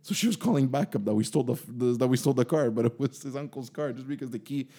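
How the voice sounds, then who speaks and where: A man co-hosting a casual podcast, spinning a story with plenty of loose fillers and asides. His voice sits in a middle pitch with a warm, mellow tone. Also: fast talker, husky. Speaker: podcast co-host.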